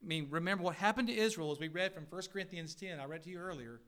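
A middle-aged man, a pastor, preaching a sermon to his church with earnest swells in pitch and volume and the odd dry aside. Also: quick pace, a bit bright. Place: church sanctuary.

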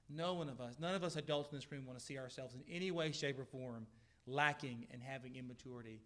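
A middle-aged man, a pastor, preaching a sermon to his church with earnest swells in pitch and volume and the odd dry aside. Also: fairly bright tone. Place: church sanctuary.

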